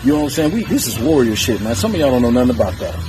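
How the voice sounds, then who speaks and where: A challenger in a strength feud rattles off rapid-fire trash talk at the camera, profane, boastful, and defiant. His mid-range voice swings widely in pitch, heard over music and a noisy background.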